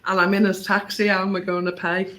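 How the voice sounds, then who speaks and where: A man's voice: sits high, completely flat delivery, fast, pushed and bright. A man telling a travel story in casual conversation, often checking with his partner. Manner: conversational, often asks "didn't we?", laughs. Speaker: co-host.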